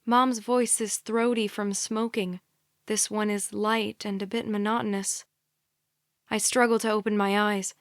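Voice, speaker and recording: A woman narrating a young adult thriller audiobook in a quiet, measured first-person reading. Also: mid-range voice, little pitch movement, no room sound, clean studio sound. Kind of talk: scripted narration.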